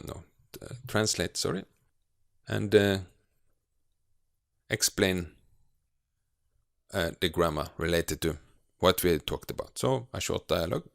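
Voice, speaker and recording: A low-pitched man with a gravelly edge to his voice teaches a grammar lesson. He explains patiently and takes his time, pausing often to find his words. The sound is dry and close. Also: no echo. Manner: slow, patient explaining with frequent hesitations. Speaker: language teacher.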